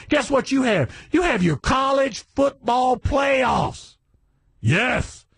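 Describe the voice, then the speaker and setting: A man's voice: very high voice, sing-song, measured pace, vocal fry, husky, no echo. Brash, profane man ranting on the radio. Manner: brash, profane, shouting bursts. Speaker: satellite radio host.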